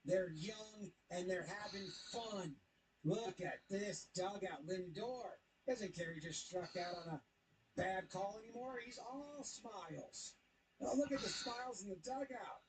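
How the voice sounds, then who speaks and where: A man casually recapping baseball highlights, joking and voicing the players as he goes. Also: a little slow, a crowd in the background. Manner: animated, jokey, voices the players.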